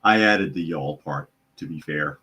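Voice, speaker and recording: A man's voice: very deep voice, unhurried, pushed and bright. A man hosting a live news talk podcast, reading out chat comments in a sarcastic, opinionated and rambling way. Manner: rambling with fillers and repeats. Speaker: podcast host.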